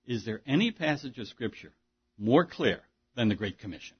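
Husky emphatic male preacher, lo-fi. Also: mid-range voice, sing-song, moderate pace. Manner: emphatic, conversational preaching with asides and rhetorical questions. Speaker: pastor. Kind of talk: sermon.

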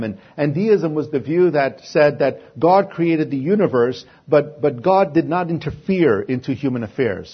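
Husky man preaching a sermon. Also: fairly high pitch, muffled recording. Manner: asks rhetorical questions and answers them himself.

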